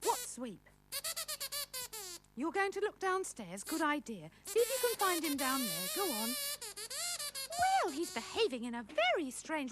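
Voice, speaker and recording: Woman, children's presenter, very high voice, noisy DVD audio. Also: measured pace. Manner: animated, exaggerated, talking to puppets. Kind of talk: children's puppet show.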